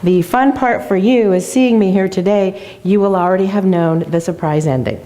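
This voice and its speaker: An enthusiastic woman speaks to a church congregation as a guest speaker. She tells stories with energy, in a voice of ordinary middle pitch. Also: moderate pace, dark tone. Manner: enthusiastic, storytelling. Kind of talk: motivational church talk. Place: church sanctuary.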